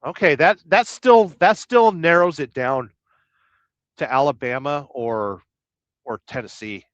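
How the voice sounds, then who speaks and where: A man's voice: fairly high pitch, a little slow, fairly bright tone, no echo. A man hosting a casual livestream from inside his truck, chatting and joking while reading viewer comments aloud. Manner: rambling, jokey, reads viewer comments aloud. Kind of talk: casual live-stream chat.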